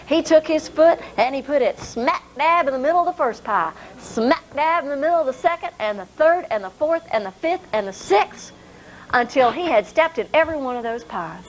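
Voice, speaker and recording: A woman telling a folk tale to a live audience in a folksy, expressive way. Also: sits high, moderate pace, slight background noise, rough recording. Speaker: storyteller.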